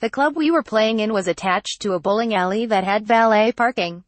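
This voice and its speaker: A woman's synthetic-sounding voice reads a news article aloud from start to finish, photo credits and quoted punctuation included. The delivery is flat and read-out, at a middle pitch. The sound is dry and close, with no room around it. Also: fairly quick, dry recording. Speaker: news reader. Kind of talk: text-to-speech article reading.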